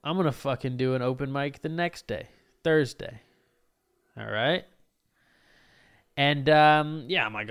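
A young man telling a story about his comedy gigs in a casual, animated and profane way, mocking himself. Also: medium pitch, measured pace, pauses often, clean tone.

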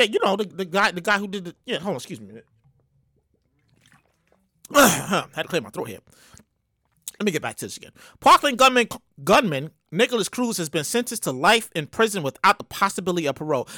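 A man giving casual news commentary in an animated way, swearing, stammering and restarting, with sudden loud mock exclamations. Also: high voice, no room sound, clean studio sound.

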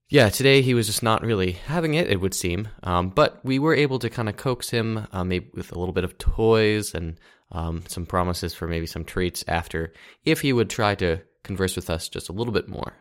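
A man's voice: low-pitched, normal speed. A man co-hosting a casual podcast, talking hesitantly with frequent ums as he plays a guessing game with a child. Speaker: co-host and uncle.

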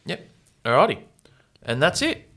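A man's voice: a little high, wildly swooping pitch, measured pace, bright, forceful tone. A man in a casual sports podcast chat, often hesitating and agreeing. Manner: hesitant, lots of restarts and agreeing. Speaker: podcast co-host.

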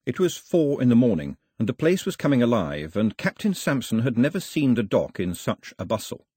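A male audiobook narrator reads with an expressive, storytelling manner. His voice is husky and his pitch moves freely, rising and falling through the sentences. The recording is close and dry, with no room sound. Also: normal speed, no echo.

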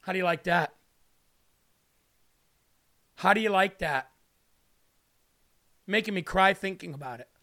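High, gravelly, bright-voiced male preacher. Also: measured pace, pauses often. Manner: emotional, pleading, repeats questions for emphasis. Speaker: livestream preacher. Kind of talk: impassioned livestream sermon.

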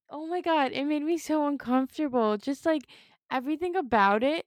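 A woman co-hosting a casual sports talk show, expressive and rambling, with many fillers. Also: sits high, brisk, no room sound, clean studio sound. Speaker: co-host.

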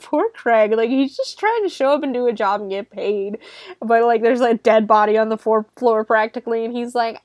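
A woman's voice: on the high side, moderate pace, darkish tone, dry recording, clean studio sound. A woman casually recapping a horror movie scene by scene, chatty and profane, often laughing. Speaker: movie reviewer.

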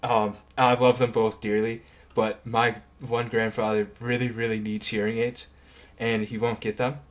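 A man's voice: medium pitch, little pitch movement, moderate pace. A man in his twenties co-hosting a podcast in casual chat, rambling into tangents and laughing between stories. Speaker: podcast co-host.

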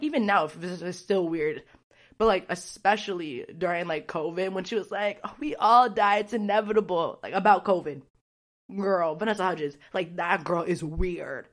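A woman talks through a casual podcast monologue in a slightly low voice. She is candid and outspoken and rambles from thought to thought. She fills her sentences with "like" as she goes. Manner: candid, rambling, heavy use of "like"; blunt and outspoken. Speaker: podcast host.

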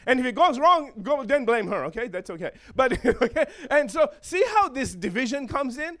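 A man's voice: very high voice, sing-song, normal speed, fairly bright tone. A man preaching a sermon in a playful way, chuckling often and checking in with his listeners.

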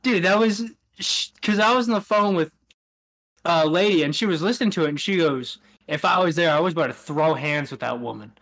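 A man's voice: fairly high pitch, fairly quick, a bit bright. A man co-hosting a podcast, telling a rambling anecdote in casual chat, laughing often and acting out what people said. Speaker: podcast co-host.

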